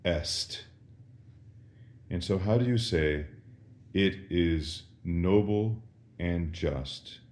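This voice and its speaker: A priest with a very deep, slightly mellow voice teaches Latin prayers slowly and deliberately, and a roomy echo surrounds his words. In this call-and-response catechism lesson, he poses each question and waits patiently before answering it.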